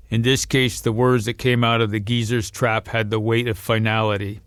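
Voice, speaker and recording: A man narrates a novel in a steady, measured reading voice. His tone is smooth and resonant at an ordinary middle pitch. The sound is close and dry, with no room around it. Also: dry recording. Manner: steady storytelling, lifts pitch and volume for quoted voices. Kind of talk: audiobook reading.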